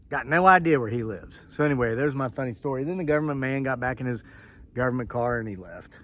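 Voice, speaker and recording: A man's voice: medium pitch, a little hiss or hum. A man vlogging outdoors on his homestead, telling a rambling joking story with asides while filming on a camera mic. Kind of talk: casual storytelling vlog.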